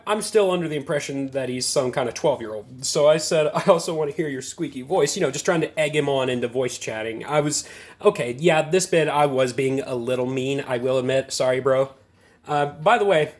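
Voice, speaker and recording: A man in his twenties casually telling a story to camera, rambling and self-amused, with lots of fillers. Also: on the high side. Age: 20s. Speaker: gaming video creator.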